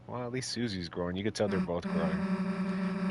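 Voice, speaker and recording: A man's voice: lowish voice, very animated, moderate pace, long pauses, noisy background. A young man streaming a game, chatting casually with viewers and reading the characters' lines aloud in different voices. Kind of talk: casual let's play commentary with character voices. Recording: faint game music behind.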